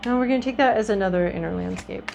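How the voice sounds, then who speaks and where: Woman with a gravelly voice reading tarot. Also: medium pitch, fast talker, a little mellow, a little hiss or hum, poor audio. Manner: chatty and reflective, with frequent ums and restarts. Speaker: tarot reader. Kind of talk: casual tarot reading to camera.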